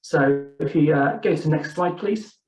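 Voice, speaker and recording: A man working as a grants officer gives a friendly, halting presentation on a video call. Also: on the high side, darkish tone. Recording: dull distant echoey sound.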